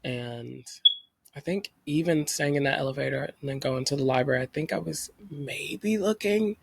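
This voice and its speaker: A young man telling a personal story in a rambling, emotional way, full of fillers, speaking in fast bursts. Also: on the high side, creaky, husky. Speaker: vlogger.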